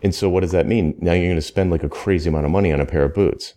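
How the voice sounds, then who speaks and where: A man's voice: low voice, rapid-fire, dark tone. A man talking casually in a podcast conversation, emphatic and rambling, often restarting his sentences. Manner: rambling, self-correcting, emphatic. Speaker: consultant guest.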